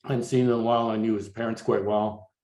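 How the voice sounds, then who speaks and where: An older man from Canada walks an audience through his slides in a low voice, stopping and restarting often, his words padded with "uh" and "you know." The room is echoey, like a lecture hall. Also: little pitch movement, a little mellow. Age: 60s. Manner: halting, many fillers and restarts. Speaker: artist giving a slide lecture.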